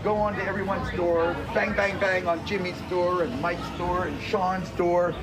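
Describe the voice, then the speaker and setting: A man's voice: high voice, steady tone, normal speed. A middle-aged man reminiscing casually, rambling and restarting his words. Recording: noisy, busy background.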